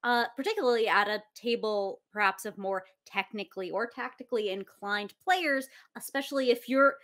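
A woman's voice: fairly high pitch, moderate pace, a bit bright. A woman co-host reading viewer questions with wry, playful, mock-grand phrasing. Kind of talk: casual talk-show chat.

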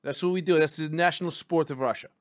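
A man's voice: high-pitched, very animated, slow pace, no room sound, pitched above the performer's own voice, full character voice. A man playing a brash, crude Russian podcast host in a put-on Russian accent with broken English and dropped articles. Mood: boastful. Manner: loud and hammy, dropping articles.

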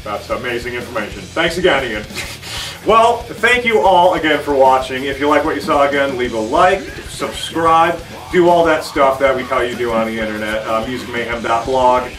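A young man hosting a show, delivering an excitable comedic rant full of rambling fillers. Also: medium pitch, moderate pace, slight background noise. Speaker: host.

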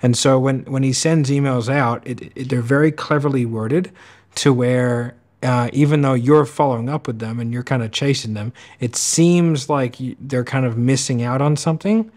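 A man giving casual commentary on sales clips, talking quickly and acting out sales calls. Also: mid-range voice, a little mellow. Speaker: sales coach reacting to clips.

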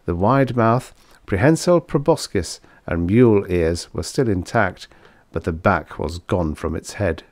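A man with a low voice reads a story aloud at a steady, measured pace. His audiobook narration is recorded close to the mic, with a dry sound and no room echo.

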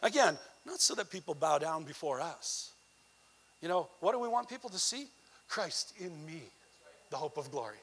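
A man from Canada, an evangelist preaching a sermon in a conversational way that swells into emphatic, near-shouted lines. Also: a little high, big pitch swings, normal speed, slightly rough. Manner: conversational asides with frequent "you know".

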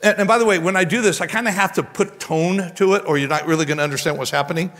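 A man pastor preaching a sermon in an animated way, often stammering and restarting his words. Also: high voice, fast. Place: church sanctuary. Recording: long church hall reverb.

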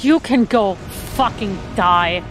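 A young woman doing let's play commentary, excitable and swearing a lot, with frequent yelps and repeated cries. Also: medium pitch, slow. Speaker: gamer streamer. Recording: game music clearly behind.

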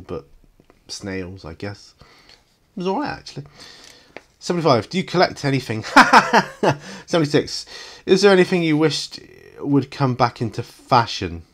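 A man's voice: medium pitch, big pitch swings, unhurried, pauses often, fairly bright tone. A man hosting a solo question-and-answer vlog. He reads out each question, then answers it himself in a casual, reflective way. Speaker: channel host.

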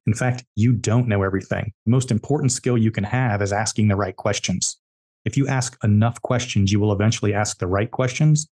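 Appearing as an entrepreneur guest on a podcast, a man tells business stories bluntly and with emphasis, repeating his key words. His voice is fairly low and a little mellow.

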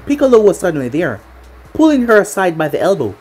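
A woman narrating fan fiction aloud in a lively storytelling manner. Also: on the low side, fast talker, slightly rough.

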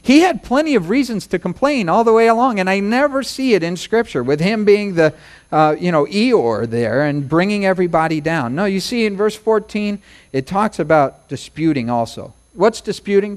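High-voiced preacher man, folksy. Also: lively intonation, normal speed. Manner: folksy, humorous preaching with rhymes and acted-out quotes. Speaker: pastor. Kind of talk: sermon.

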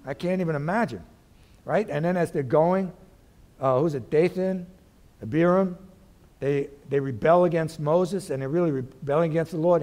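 A male pastor preaching a sermon in a folksy way, calling out to the congregation and swinging from loud declarations to very soft asides. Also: fairly high pitch, moderate pace.

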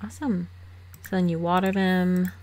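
A woman hosting a game let's play, chatting casually with quick laughs and sarcastic asides, recorded on a desk microphone at home. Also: fairly low pitch, flat delivery, darkish tone. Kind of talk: casual gameplay commentary.

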